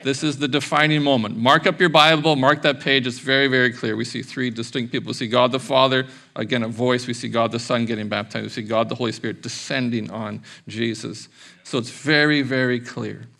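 Man, pastor, sermon, bright tone, gravelly edge, conversational, animated. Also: medium pitch, a little fast. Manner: chatty, animated preaching with playful acted-out quotes.

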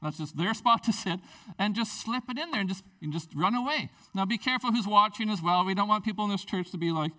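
A man, a pastor, preaching a sermon in a church, swinging between loud, animated bursts and quiet asides with a playful tone. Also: sits high, quick pace, distant mic. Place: church sanctuary.

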